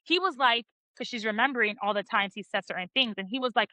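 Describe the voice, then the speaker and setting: A woman's voice: on the high side, brisk, few pauses, no echo, low-quality recording. A woman co-hosting a book podcast, recapping chapters in a casual, sassy way and acting out the characters' lines. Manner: animated, sassy retelling with acted quotes and swearing. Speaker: podcast co-host.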